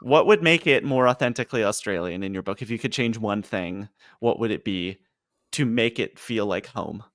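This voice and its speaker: A man's voice: on the low side, normal speed, fairly bright tone, no room sound, clean studio sound. A man hosting a gaming podcast with friends, introducing guests in a playful, upbeat way. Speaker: podcast host. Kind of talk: casual podcast chat.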